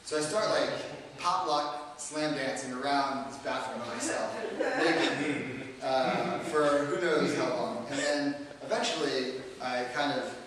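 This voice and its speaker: A man's voice: mid-range voice, takes it slowly, few pauses, crowd noise. A man telling a comic story to an audience, rambling and self-deprecating, with lots of fillers. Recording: echoey hall, distant mic.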